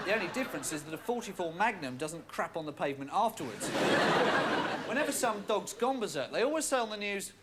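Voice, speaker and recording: A man's voice: high-pitched, fairly bright tone, slight background noise. A man doing a dry, mocking stand-up monologue. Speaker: comedian.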